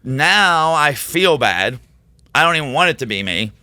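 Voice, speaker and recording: A man who teaches, telling a rambling, excitable story as a podcast guest. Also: on the high side, unhurried, dry recording. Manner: rambling, excitable, quotes himself in animated voices. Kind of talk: casual storytelling in a podcast interview.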